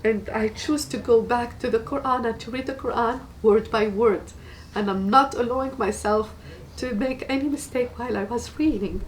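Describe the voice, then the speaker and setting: A woman from Tunisia, giving a personal testimony in an earnest, halting way and repeating words for emphasis. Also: fairly high pitch, recorded from a distance, slight background noise, low-quality recording. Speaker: guest giving a faith testimony.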